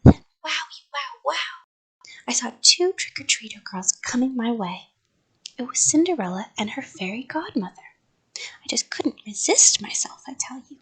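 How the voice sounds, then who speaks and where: Woman reading a kids book at bedtime, soft half-whispered breathy voice, a bit high. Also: very animated, moderate pace. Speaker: storyteller.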